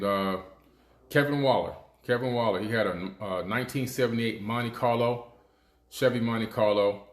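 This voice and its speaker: A man's voice: on the low side, echoey room. A man in his fifties, a show host, telling stories in a casual, conversational monologue. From United States. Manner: conversational storytelling, frequent restarts.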